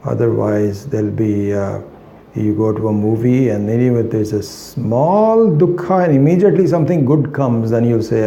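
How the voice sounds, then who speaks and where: A man giving a spiritual lecture, rambling and hesitant, weaving in anecdotes with many pauses and fillers. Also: mid-range voice, mellow, reverberant, a little hiss or hum. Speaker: spiritual teacher.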